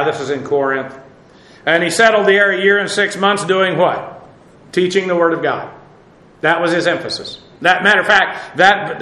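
A man's voice: a little high, sharp tone, echoey room, poor audio. A man teaching an informal Bible class in a conversational way, with many fillers and dry asides.

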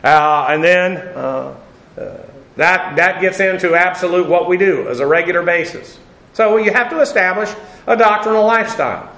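A man teaching a Bible class as pastor, unhurried and conversational, with frequent pauses and dry asides. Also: high-pitched, sharp tone, echoey room, low-quality recording.

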